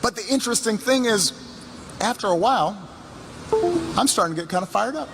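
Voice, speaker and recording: A man's voice: high voice, lively intonation, fairly quick, over music. A middle-aged man telling a story in a campaign speech, repeating phrases for emphasis and restarting his sentences. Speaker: political speaker. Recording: reverberant hall with background noise.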